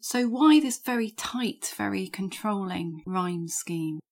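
A woman hosting a discussion of a poem, asking questions and slowing down to spell out examples. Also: mid-range voice. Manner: clarifying, slows to spell out examples. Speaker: host. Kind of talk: conversational literary discussion.

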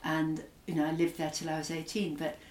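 A woman's voice: low voice, completely flat delivery, a little fast, darkish tone, reverberant, distant mic. A middle-aged woman author from Scotland with an English accent, speaking thoughtfully in an interview with frequent hesitations and fillers. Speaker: author, guest. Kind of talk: reflective interview conversation.

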